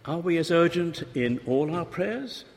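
A man's voice: fairly high pitch, expressive, measured pace, creaky, a little mellow. A man preaching a sermon, conversational and full of rhetorical questions, sometimes acting out desperate pleas. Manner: conversational, rhetorical questions, acts out pleading voices. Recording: reverberant hall, faint noise.

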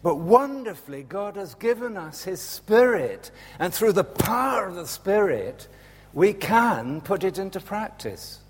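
A man preaching a sermon in a church, slow and animated, dropping to a hush and rising again. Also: high-pitched, slight background noise. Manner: slow, animated, swings from loud to hushed. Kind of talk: Palm Sunday sermon. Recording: echoey church hall with long reverb.

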